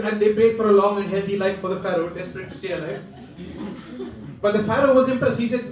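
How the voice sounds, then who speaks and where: A male comedian spins a long, winding story at a pub comedy night, tossing in deadpan asides. His voice sits high. It rings out in a reverberant room, caught from some distance. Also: fairly quick, slight background noise. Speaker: stand-up comedian. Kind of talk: stand-up storytelling. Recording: echoey pub room, far mic.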